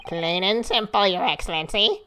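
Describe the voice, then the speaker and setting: A woman voicing a stern, haughty male prosecutor in a courtroom game, reading with a slow, formal, accusing delivery. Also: medium pitch, bright, forceful tone, a little hiss or hum, close to an everyday voice.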